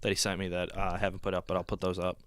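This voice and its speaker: A man's voice: low voice, rapid-fire, no room sound. A man co-hosting a podcast, chatting casually with lots of fillers. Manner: relaxed, filler-heavy. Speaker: podcast co-host. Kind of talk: casual chat.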